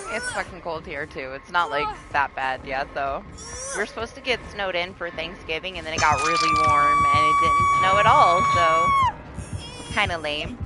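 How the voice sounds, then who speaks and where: A woman streaming a game live, talking casually with a lively, bouncing pitch. She laughs often and swears easily as she chats with viewers. Game music plays clearly behind her voice. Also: moderate pace, rough recording. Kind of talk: casual live gameplay chat.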